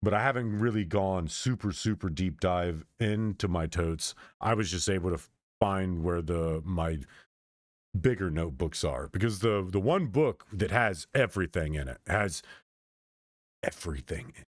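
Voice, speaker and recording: Low-voiced man rambling casually. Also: moderate pace, no echo, clean studio sound. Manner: meandering, with frequent restarts and trailing off. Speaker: streamer.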